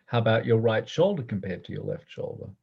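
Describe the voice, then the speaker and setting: A man teaching a guided movement class, giving gentle, playful instructions and often laughing. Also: fairly low pitch, lively intonation, a little fast, vocal fry, husky, muffled recording.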